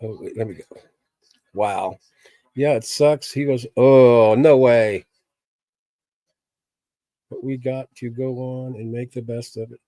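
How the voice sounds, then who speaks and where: A middle-aged man at a medium pitch chats casually with his livestream viewers. He rambles in a plain-spoken, candid way, full of fillers. The recording sounds dry and close, with no room echo. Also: steady tone, brisk, hardly any pauses, warm tone. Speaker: livestream host chatting with viewers.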